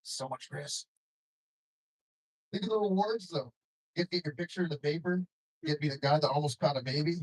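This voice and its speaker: A young adult man performing a stand-up comedy set on a club stage, delivering deadpan jokes and chuckling often. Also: fairly high pitch, a little fast, pauses often, breathy edge, poor audio.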